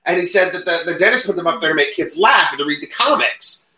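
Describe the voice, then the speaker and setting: A man's voice: on the high side, lively intonation, fast talker, sharp tone, roomy sound, low-quality recording. A man chatting casually on a livestream, telling rambling stories and swearing freely. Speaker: co-host.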